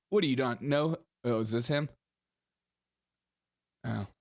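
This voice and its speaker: A man's voice: medium pitch, slow, a little mellow. Sarcastic man riffing on headlines. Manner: sarcastic, laughs often, riffs on headlines. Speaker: podcast host. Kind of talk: comedic political commentary.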